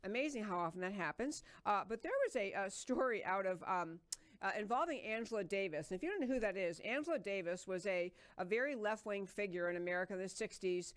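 A middle-aged woman hosts a political talk show in an unscripted monologue. Her voice sits at an ordinary middle pitch. She presses her points with earnest emphasis, often pausing on fillers and restarting sentences. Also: animated.

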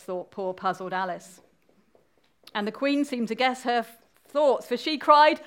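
A woman's voice: on the high side, lively intonation, moderate pace, fairly bright tone. A woman speaking at a church service, telling a story in a friendly way and inviting the audience to join in.

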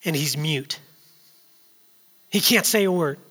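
A man in his thirties delivers a sermon in a bright, ringing, high-pitched voice. He tells stories, sinking to quiet asides before rising to loud, urgent peaks. His voice carries the long reverb of a large church hall. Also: slow pace, breathy edge. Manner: storytelling, builds from hushed to loud and urgent. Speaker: preacher.

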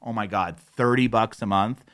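A man talks through a website tutorial in a loose, unscripted way. He gets openly exasperated and slips into quick voices for the people he quotes. His voice comes through a close, isolated microphone. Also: lowish voice, fairly bright tone. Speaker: web tutorial presenter. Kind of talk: casual explainer with rants. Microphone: isolated studio microphone.

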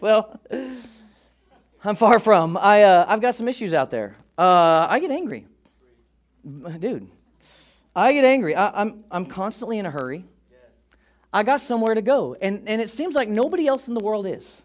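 A male pastor preaching a sermon to a church, telling funny stories in a lively way. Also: high-pitched, moderate pace. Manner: animated, humorous storytelling. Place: church auditorium.

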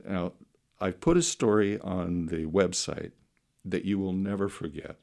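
A middle-aged man preaching a sermon through slow, dramatic storytelling that swings between loud and soft. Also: low voice, steady tone, gravelly. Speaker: pastor.

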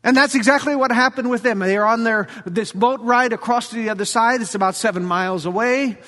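Man, sermon, high-pitched, lively storytelling, reverberant hall. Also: brisk. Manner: animated storytelling, acts out quotes, jokes. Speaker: preacher.

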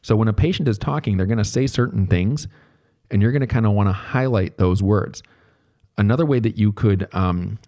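Relaxed low-voiced male lecturer. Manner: relaxed, conversational, thinks aloud. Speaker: therapy instructor. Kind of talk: recorded lecture.

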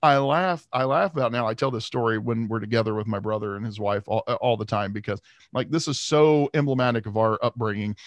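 A man's voice: mid-range voice, a little fast, no echo. A man co-hosting a podcast, telling stories animatedly and laughing often in casual chat. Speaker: podcast co-host.

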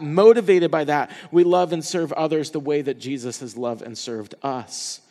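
A man preaching a passionate sermon as pastor, dropping to hushed tones for quoted words. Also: fairly high pitch, in a large hall.

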